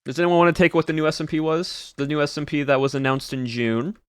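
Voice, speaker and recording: A man's voice: on the high side, fairly even intonation, fast talker, clean tone, no room sound. Rambling male streamer, dry sound. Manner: rambling, repeats words, trails off mid-sentence. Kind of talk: casual chat recapping the year to chat.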